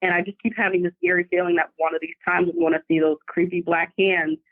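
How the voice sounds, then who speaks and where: Brief: animated woman caller telling a story down a thin, tinny phone line. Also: on the low side, fast talker, no echo. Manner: animated, vivid retelling. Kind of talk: casual storytelling. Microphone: phone call.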